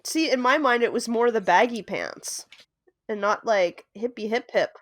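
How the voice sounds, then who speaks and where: A young woman co-hosting a podcast, chatting excitedly about a TV show, laughing a lot and dropping into quiet asides. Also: on the high side, moderate pace, no room sound. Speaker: podcast co-host. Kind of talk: casual chat about a TV show.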